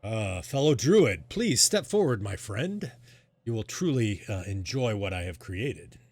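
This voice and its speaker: A man's voice: lowish voice, big pitch swings, a little slow, a little mellow, no room sound, exaggerated voice. A man voicing a proud, sinister outcast male druid who speaks in a grandiose, condescending way in a tabletop game.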